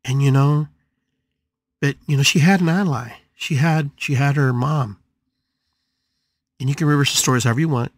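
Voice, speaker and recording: A man's voice: medium pitch, moderate pace, pauses often, no room sound, clean studio sound. A man hosting a spiritual podcast, telling a story with emphatic, dramatic repetition. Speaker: podcast host.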